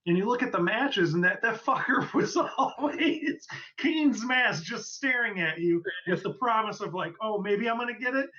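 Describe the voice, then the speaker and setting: Bright-voiced joking podcast man. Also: high voice, expressive, unhurried, hardly any pauses. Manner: nostalgic, jokey storyteller. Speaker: podcast co-host. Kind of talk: casual chat. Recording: dull lo-fi podcast audio.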